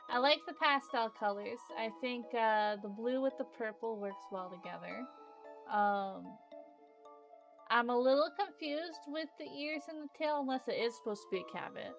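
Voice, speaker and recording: A woman's voice: a little high, moderate pace, faint music behind. A woman hosting a casual stream chat, easygoing and a little hesitant.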